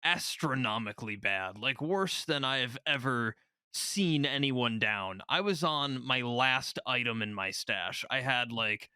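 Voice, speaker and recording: A man co-hosting a gaming podcast, telling stories in a loose, animated way. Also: medium pitch, a little slow, clean tone, no room sound, clean studio sound. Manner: animated storyteller, laughs through his stories. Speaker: podcast co-host. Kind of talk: casual gaming podcast chat.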